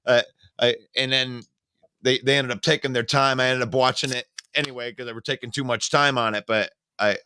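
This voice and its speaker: Excitable man in bright, dry sports talk. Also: mid-range voice, brisk, smooth, dry recording. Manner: emotional, rambling with many restarts. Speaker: sports show co-host.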